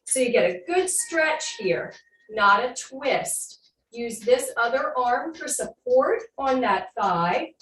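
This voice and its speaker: Slow-spoken woman leading a fitness class. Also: fairly high pitch, far from the mic. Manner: calm guiding cues, then slow soothing breath work. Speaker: fitness instructor. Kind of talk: live online fitness class instruction. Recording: echoey room, voice from off-mic, faint hum.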